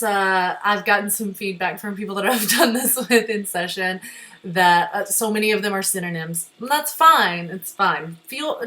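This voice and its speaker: A woman therapist guiding a breathing exercise in a gentle, reassuring way, often checking in with listeners. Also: mid-range voice, low-quality recording. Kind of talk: guided therapy lesson.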